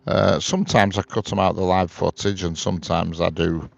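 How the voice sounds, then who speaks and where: Man, very low gravelly voice, casual live-stream chat outdoors, reads comments aloud, slightly muffled lo-fi audio. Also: level tone, normal speed. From England. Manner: chatty, reads viewer comments aloud and answers them. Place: outdoors beside a railway line.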